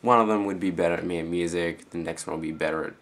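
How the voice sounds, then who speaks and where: A teenage boy with an Australian accent, rambling casually in a vlog reply with lots of fillers and quiet trailing-off phrases. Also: deep voice, fairly even intonation, rapid-fire. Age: teens. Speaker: student vlogger.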